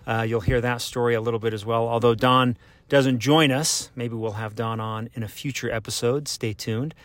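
An upbeat man hosts a casual podcast, chatty and loose, with plenty of fillers. His voice sits at an ordinary pitch and sounds dry and close to the mic. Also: fairly even intonation, normal speed, a bit bright, no room sound. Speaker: podcast host.

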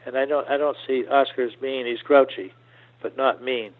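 An older man tells his stories at an ordinary middle pitch. He keeps stopping, restarting and doubling his words as he talks. His voice comes through a thin, tinny, phone-like line. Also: steady tone. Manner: halting, restarts and repeats words. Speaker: guest. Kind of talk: storytelling interview.

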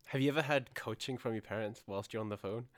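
A man's voice: lowish voice, fast talker, crowd noise. A man telling stories in a casual conversation, acting out the voices he quotes. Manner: storytelling, acts out quoted voices. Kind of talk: casual chat.

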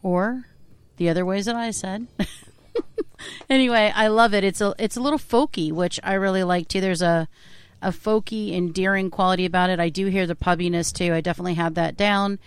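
A woman's voice: mid-range voice, clear, resonant tone, no echo. A woman co-hosting a radio music show, chatting in a gushing, enthusiastic and teasing way. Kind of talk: casual on-air music chat.

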